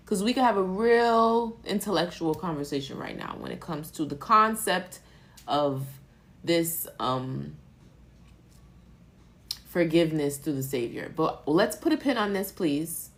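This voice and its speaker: Gravelly-voiced woman reading tarot live. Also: lowish voice, expressive, unhurried. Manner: emotional, rambling, swears casually. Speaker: tarot reader.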